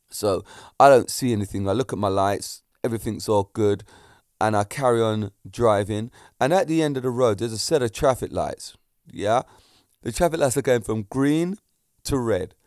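Middle-aged guy telling a story, animated, does the voices, dry close sound. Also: mid-range voice, dry recording. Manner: animated, acts out voices in his stories. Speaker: kickboxing instructor. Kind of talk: casual storytelling to camera.

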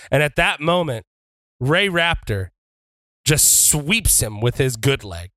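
A man's voice: medium pitch, animated, unhurried, no room sound. A man playing a tabletop wrestling game, narrating his wrestler's moves in a playful, profane way. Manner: profane, playful, switches into shouted wrestler taunts.

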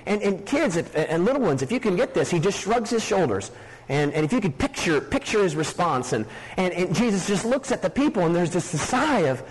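A young man delivers a church sermon in a notably high voice. He is earnest and emphatic and doubles back on phrases to drive his points home. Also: very animated, a little fast, breathy edge, in a large hall, poor audio. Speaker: preacher. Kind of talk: sermon with opening prayer. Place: church meeting hall.

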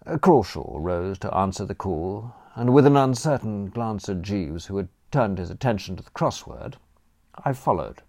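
A man narrating a comic audiobook in first person, his low voice swooping through a wide, lively range. The delivery is wry and animated throughout. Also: normal speed.

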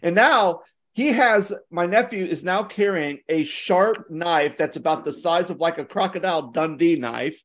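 Young male co-host with a high-pitched voice, an animated storyteller who jokes and laughs a lot. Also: unhurried. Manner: animated, laughs often, joking asides. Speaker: podcast co-host. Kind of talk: casual storytelling chat.

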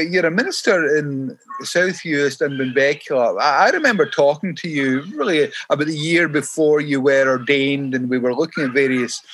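A man's voice: fairly high pitch, pushed and bright, a little hiss or hum. A man interviewing a minister, asking questions in a friendly, jokey way and teasing his guest now and then. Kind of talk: conversational interview.

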